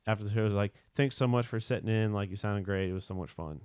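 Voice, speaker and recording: A man's voice: fairly low pitch, fast, a little mellow, clear, resonant tone, no echo, studio quality. Laid-back podcast host man. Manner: laid-back, swearing, anecdote-telling. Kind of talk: casual podcast chat.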